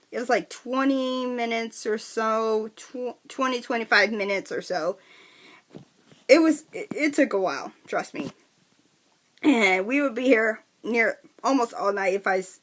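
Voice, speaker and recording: Excitable woman vlogger recapping wrestling. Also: a little high. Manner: chatty, excitable, many restarts and fillers. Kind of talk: casual recap vlog.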